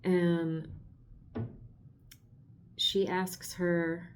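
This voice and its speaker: A podcast host leads a casual book discussion, gushing with emotion, laughing often and trailing off into restarts. Her voice is low and darkish, slow with long pauses, with slight background noise.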